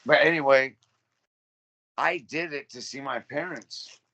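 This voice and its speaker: A man's voice: medium pitch, measured pace, creaky, pushed and bright, highs cut off. A man in his thirties telling his story as a podcast guest, blunt and full of swearing. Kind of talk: casual interview.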